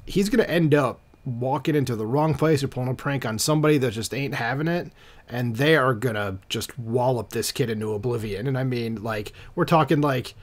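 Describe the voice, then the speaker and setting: A man hosting a commentary channel, reading an article aloud and breaking in with casual, irritated asides full of fillers. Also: medium pitch. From United States.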